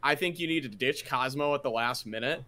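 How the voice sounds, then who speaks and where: A man's voice: mid-range voice, a little fast, pushed and bright. A young man co-hosting a casual podcast chat, joking and teasing his friends. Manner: joking, teasing, fond of doing impressions. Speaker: podcast co-host.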